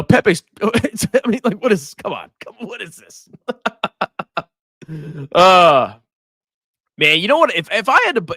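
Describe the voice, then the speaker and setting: A man hosting a finance livestream, ranting and mocking in an animated voice that swings between loud outbursts and mutters. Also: on the high side, no room sound, studio quality. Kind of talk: livestream rant and stock commentary.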